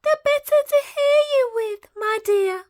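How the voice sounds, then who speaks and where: A woman voicing a big bad male wolf who fakes a sweet, high granny voice. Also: measured pace. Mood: sly sweet. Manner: high sugary put-on squeak.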